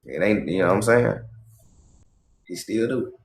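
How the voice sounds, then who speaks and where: A man hosting a livestream in casual commentary, talking in an animated, profane way and asking "right?" again and again. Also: fairly low pitch, measured pace. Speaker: livestream host.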